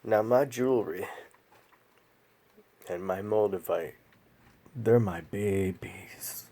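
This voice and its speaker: A man vlogging a personal story in a slow, halting, emotional way, pausing often. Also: lowish voice, mellow.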